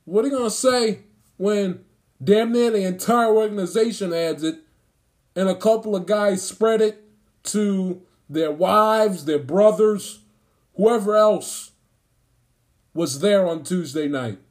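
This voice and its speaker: A man's voice: sits high, slow, a little mellow. A man ranting about sports, indignant and emphatic, hammering his points by repeating phrases. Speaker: sports commentator. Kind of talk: angry sports rant.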